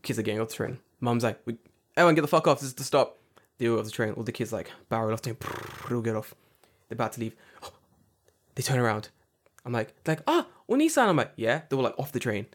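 A man telling a long story in casual chat, animated and full of swearing, acting out other people's voices. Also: medium pitch, quick pace. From United Kingdom.

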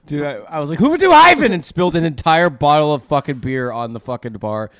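A man's voice: on the high side, brisk, smooth. A young man co-hosting a podcast in casual, rambling, swear-laden chat. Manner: profane, rambling, jokey. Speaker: podcast co-host.

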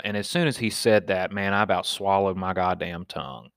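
A man's voice: low-pitched, a little fast, creaky, few pauses, clear, resonant tone, dry recording, clean studio sound. Profane Southern man spinning a yarn. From Alabama. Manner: profane, animated storyteller. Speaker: podcast host, stand-up comedian. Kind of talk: casual storytelling monologue.

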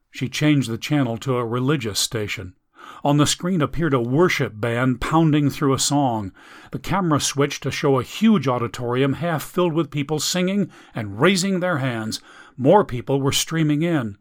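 A man with a mid-range voice narrates a novel as an audiobook reader. It's scripted narration delivered in a measured storytelling manner.

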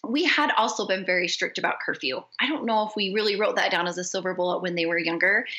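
Bright-voiced middle-aged woman storyteller. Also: on the low side, quick pace, rough recording. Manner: lively storyteller who acts out family dialogue. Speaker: podcast guest. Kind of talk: casual conversation.

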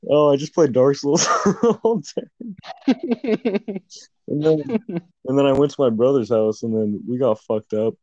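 A man's voice: mid-range voice, a little slow, long pauses, darkish tone, no echo. A drunk man co-hosting a podcast, rambling loosely, laughing often and swearing a lot. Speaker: podcast co-host. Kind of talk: casual chat. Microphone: phone. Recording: dull phone mic.

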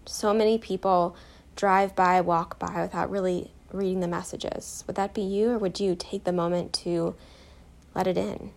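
A woman guiding a self-compassion meditation, soft, calm and encouraging, telling a short personal story. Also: on the low side, moderate pace, gravelly. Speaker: meditation guide.

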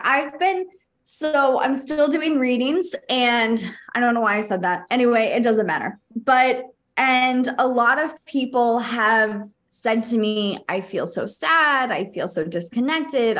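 A woman's voice: fairly high pitch, a bit bright. Chatty woman podcast co-host. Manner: chatty, rambling, laughs at herself. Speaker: podcast co-host and psychic medium. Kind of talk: casual podcast chat.

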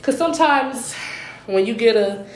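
A young woman, co-hosting a podcast, telling a heated story in a lively, swearing chatty way. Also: on the high side, a little slow. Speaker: podcast co-host. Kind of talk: casual chat. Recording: roomy echo with faint hiss.

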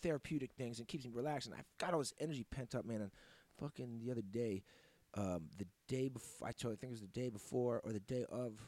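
A man hosting a podcast, telling a story in a casual, profane, animated way. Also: medium pitch, fast. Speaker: podcast host.

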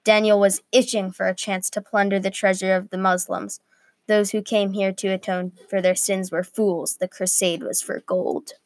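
A woman's voice: medium pitch, normal speed, dry recording. Woman reading a medieval story aloud. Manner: steady reading with small slips.

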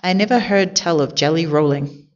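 A woman's voice: low voice, normal speed, a little mellow, dull audio, lightly acted. A woman voicing a cheerful, literal-minded housekeeper with folksy, plain-spoken talk in a storybook. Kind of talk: storybook character voice.

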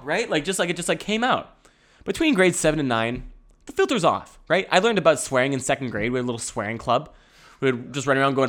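Young man, comic storytelling, swears a lot, laughs at his own jokes, mid-pitched voice. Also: lively intonation, fairly quick, fairly bright tone. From Canada. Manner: profane, laughing, self-mocking asides.

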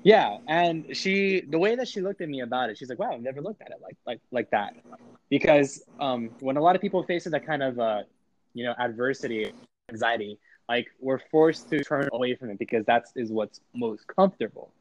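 A man's voice: mid-range voice, animated, normal speed. Reflective male podcast guest, dull audio. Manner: reflective, motivational, casual swearing. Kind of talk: casual podcast chat.

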